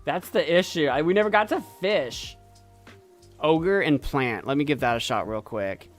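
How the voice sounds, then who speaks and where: A man streaming a game, chatting playfully and excitedly as he thinks aloud. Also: a little high, normal speed, faint music behind. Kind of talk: casual gameplay commentary.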